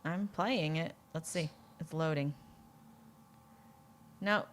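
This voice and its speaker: A woman's voice: low-pitched, takes it slowly. A woman co-hosting a live coding stream in casual technical chat, thinking aloud and laughing often. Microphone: desk mic at a computer. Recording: faint noise, glitchy internet audio.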